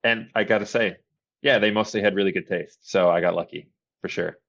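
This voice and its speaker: A man's voice: low voice, fairly quick, vocal fry, a bit bright, highs cut off. A man from the Boston area, a filmmaker guest on a podcast, chatting casually and laughing often. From Boston area, USA. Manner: laid-back, swears casually, laughs often. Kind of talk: casual chat.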